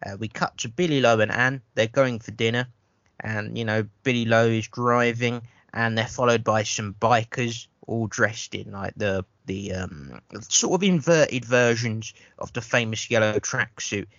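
Bright, forceful man ranting casually. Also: medium pitch, measured pace, no room sound. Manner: rambling, profane, stammers on restarts. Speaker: podcast host. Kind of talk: casual film review chat. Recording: dull lo-fi sound.

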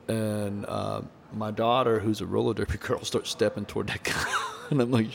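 Grief is the topic as a former minister turned podcast host tells stories in an earnest, preacherly manner. He speaks at normal speed in a lowish, gravelly voice with little pitch movement, over slight background noise.

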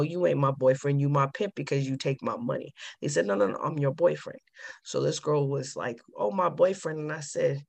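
A woman recounting her past in an interview, telling it with emphasis and acting out both sides of the dialogue. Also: low voice. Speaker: guest. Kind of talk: personal testimony in an interview.

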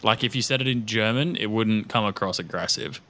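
A man's voice: fairly low pitch, a little fast, pushed and bright. A man co-hosting a casual podcast chat, rambling and looking things up as he talks. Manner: rambling, looks things up aloud. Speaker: podcast co-host.

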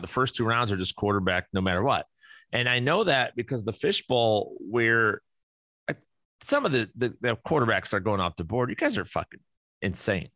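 A man's voice: mid-range voice, a bit bright, dry recording. A man hosting his own podcast, ranting in a casual, blunt way with profanity and frequent restarts. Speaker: podcast host. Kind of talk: casual solo podcast rant.

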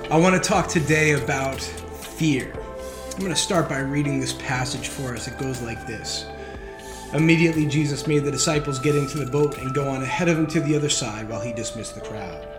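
A man's voice: medium pitch, a little fast, over music. A man preaching a sermon as pastor, talking casually and wryly, reading scripture with emphasis. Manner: conversational, wry, reads scripture with emphasis. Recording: roomy echoey sound.

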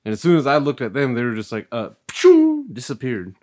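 A man's voice: mid-range voice, quick pace. A man joking around in a casual chat, full of crude banter.

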